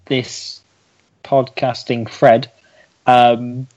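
A man co-hosting a podcast in casual, sarcastic banter. His voice sits at a medium pitch. The recording sounds a little dull and lo-fi. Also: little pitch movement, extremely slow, darkish tone. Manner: joking, sarcastic. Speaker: podcast co-host.

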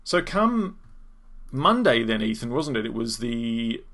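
Animated Australian man hosting a chat. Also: mid-range voice, measured pace. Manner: animated storyteller, acts out quotes, chuckles. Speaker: podcast host. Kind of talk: casual commentary chat.

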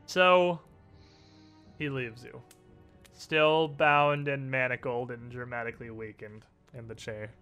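A man's voice: medium pitch, steady tone, takes it slowly, sharp tone, smooth, faint music behind. A man narrating a tabletop game as game master, with dramatic, lingering narration.

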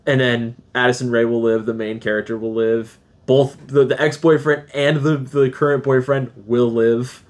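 A man's voice: mid-range voice, steady tone. A man co-hosting a podcast, bluntly tearing into a movie in casual chat, swearing and laughing as he talks. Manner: profane, blunt, quick to laugh. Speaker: podcast co-host.

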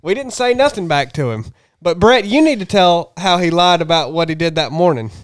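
A man cutting in with quick, indignant remarks during casual banter about a trip. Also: high voice, animated, clear, resonant tone, no room sound, clean studio sound. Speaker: trip companion.

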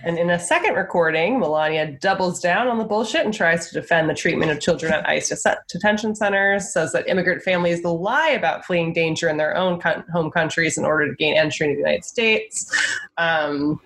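A woman's voice: lowish voice, a little fast, a bit bright. A woman co-hosting a podcast, giving casual political commentary in a sarcastic, profane, chatty way. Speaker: podcast co-host.

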